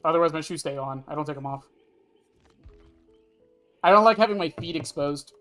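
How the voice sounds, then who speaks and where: Here a streamer at a desk indoors talks offhandedly with the audience, taking chat questions and dropping the odd swear word. The voice sits at medium pitch with a moderate pace and slight brightness, and faint music plays behind.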